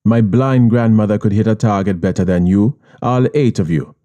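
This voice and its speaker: A man's voice: fairly low pitch, normal speed, warm tone, lightly acted. A man voicing an arrogant Jamaican Syrian boss who berates and sneers with constant swearing, in an audiobook. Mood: sneering. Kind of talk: audiobook character voice.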